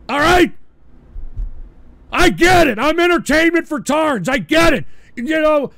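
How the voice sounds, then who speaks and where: A man hosting a livestream, ranting bitterly and profanely, with wild swings between shouted outbursts and tired, low muttering. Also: gravelly, no room sound. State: drinking, weary. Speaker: livestream host. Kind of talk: angry livestream rant.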